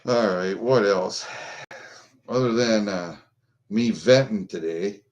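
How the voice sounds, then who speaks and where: A man's voice: fairly low pitch, slow. An older American man venting angrily on a vlog, swearing constantly. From United States. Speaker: vlogger.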